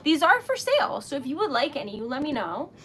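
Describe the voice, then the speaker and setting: Giggly high-voiced woman livestreaming. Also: sing-song, quick pace, bright, forceful tone, a little hiss or hum. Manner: giggly, flustered, chatty. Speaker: livestream host making wax seal stickers. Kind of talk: casual livestream chat.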